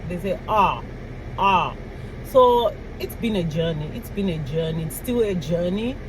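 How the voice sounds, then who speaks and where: With background noise behind her, a woman vlogger with a fairly low, animated voice talks at a moderate pace. She's from outside the US and shares stories to camera about learning the local speech of her new country, laughing and acting out mini dialogues.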